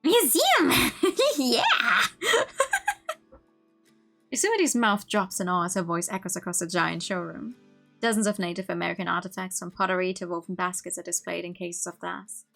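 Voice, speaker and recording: A woman streamer reading a visual novel aloud, with expressive narration and laughing asides. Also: lowish voice, fast, vocal fry, soft background music.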